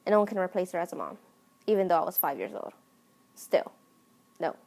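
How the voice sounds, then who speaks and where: A woman's voice: fairly low pitch, sing-song, a little fast, a little mellow. A woman voicing a spoiled, entitled young woman who whines and makes bossy demands. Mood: sulky.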